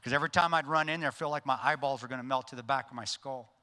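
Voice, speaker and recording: A man telling a personal combat story to a conference audience, intense and earnest, dropping his voice low at solemn moments. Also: racing, sharp tone. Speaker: keynote speaker. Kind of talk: motivational war story told on stage. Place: large conference hall. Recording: reverberant event hall.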